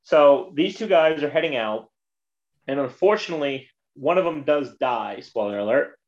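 A man's voice: fairly high pitch, animated, moderate pace, dull audio. A man in a casual movie chat, rambling as he retells scenes and slips into quoted voices.

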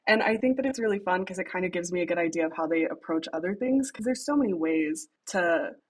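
A woman's voice: fairly low pitch, lively intonation, fast talker, breathy edge, low-quality recording. A young woman guest on a podcast, chatting casually and animatedly about her writing, laughing often and acting out lines. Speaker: podcast guest, fanfic writer.

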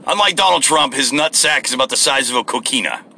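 A man's voice: medium pitch, lively intonation, fast talker, vocal fry, bright, forceful tone, voice pushed up, heavily acted. A man doing a silly fake accent to entertain his podcast listeners, drawn out and goofy. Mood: hammy.

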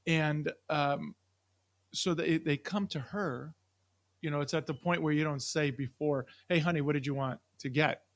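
Joking middle-aged man, slightly high voice. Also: moderate pace. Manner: joking, teasing. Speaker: podcast co-host. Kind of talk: casual chat.

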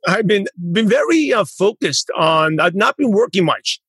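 A man's voice: high-pitched, animated, normal speed, a bit bright, husky, no echo. A man hosting a podcast in casual interview chat, rambling and correcting himself as he talks. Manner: rambling, self-correcting, proud father. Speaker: podcast host.

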